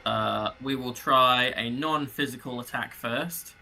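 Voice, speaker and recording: Bright-voiced man playing a tabletop game. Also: medium pitch, measured pace, vocal fry. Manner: chatty, thinks out loud about rules. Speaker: player. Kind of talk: casual tabletop play.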